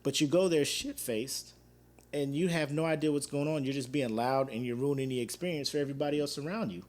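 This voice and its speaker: A man's voice: medium pitch, fairly quick. A man in his thirties hosting a casual podcast, telling a story with laughs and acted-out quotes. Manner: animated, laughs often, acts out quoted fans. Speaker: podcast host.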